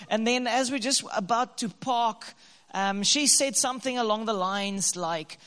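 A man telling a lively story to couples, laughing and acting out his own lines. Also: high voice, moderate pace, long reverb tail. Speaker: co-host, husband speaking to couples. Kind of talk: animated storytelling talk.

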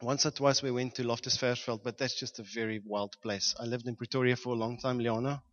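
A man from Johannesburg, preaching a storytelling sermon and acting out shouts and sound effects with frequent laughter. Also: mid-range voice, steady tone, a little fast, muffled recording. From South Africa, Johannesburg.

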